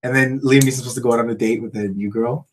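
A man co-hosting a podcast, chatting casually and retelling movie scenes with quick laughs. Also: mid-range voice, a little hiss or hum. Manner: animated storytelling, quick laughs. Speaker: podcast co-host. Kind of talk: casual chat.

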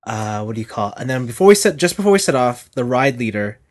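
A man co-hosting a casual podcast, telling a story with lively swings and freely swearing. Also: medium pitch, quick pace. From Canada. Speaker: podcast co-host. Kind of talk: casual chat.

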